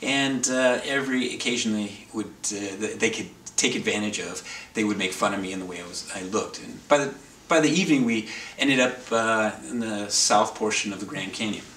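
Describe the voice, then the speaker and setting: A man's voice: on the low side, fairly quick, fairly bright tone. A man telling a rambling, wry anecdote in a casual way, often correcting himself as he goes. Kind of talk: casual anecdote told to camera. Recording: roomy, distant, faint background noise.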